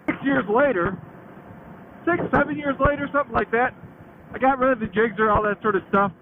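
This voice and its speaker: A man's voice: very high-pitched, fairly quick. A man in his late thirties telling a rambling, slangy motorcycle story, laughing often and swearing freely. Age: late 30s. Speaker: motorcycle vlogger. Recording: tinny phone-like sound with faint noise.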